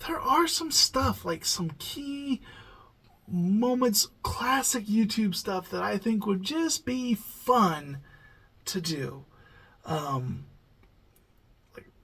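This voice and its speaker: Reaction channel host, tired late-night ramble, lots of "ums", creaky low-energy delivery. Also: big pitch swings, slow, a bit bright, low-quality recording. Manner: rambling, hesitant, many fillers. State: sleepy, yawning. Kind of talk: casual late-night vlog talk.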